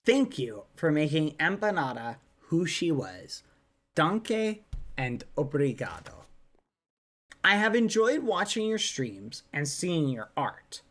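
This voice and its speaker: Female streamer, affectionate, unhurried delivery. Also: low-pitched, sing-song. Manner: soft, affectionate, laughs often. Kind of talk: reading fan messages aloud on a livestream.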